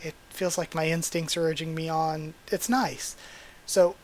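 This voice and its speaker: A man's voice: on the high side, steady tone, a little slow, slight background noise, natural voice. A man voicing a tall, shy young male wolf as he reads a manga aloud, earnest and awkward, in his own everyday voice. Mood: tender.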